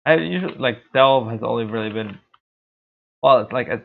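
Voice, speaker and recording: A man's voice: medium pitch, a little fast, vocal fry. A man streaming a game, rambling casually and poking fun at his own voice. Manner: rambling, self-deprecating. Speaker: gaming streamer. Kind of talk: casual gameplay commentary. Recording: tinny phone-like sound.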